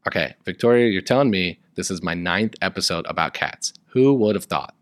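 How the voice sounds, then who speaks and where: A man's voice: low-pitched, fairly quick, dry recording, studio quality. A young man hosting a podcast in a casual, joking way, chatting wryly about a musical and its fan fiction. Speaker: podcast host.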